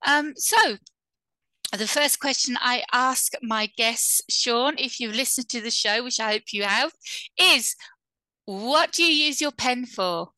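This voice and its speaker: A woman's voice: a little high, takes it slowly, sharp tone, dry recording. A woman hosting a podcast interview, chatty and friendly, with many fillers and frequent laughs. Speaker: podcast host. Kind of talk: casual interview chat.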